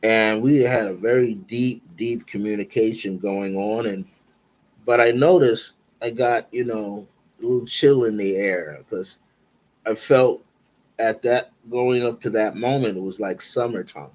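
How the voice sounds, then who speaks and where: A man speaking as a guest, calmly and earnestly recounting a spiritual dream. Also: fairly low pitch. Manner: slow, reflective, earnest. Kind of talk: spiritual storytelling.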